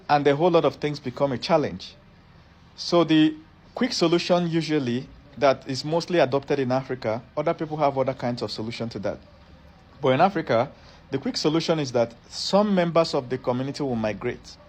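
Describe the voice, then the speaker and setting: Man lecturing in a higher register. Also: darkish tone. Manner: repeats and rephrases phrases for emphasis. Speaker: educator. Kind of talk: explanatory lecture.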